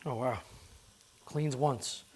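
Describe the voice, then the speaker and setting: A man's voice: mid-range voice, very slow, a little mellow, slight background noise. A man hosting a cooking show, explaining each step in a casual, crude, joking way from a kitchen.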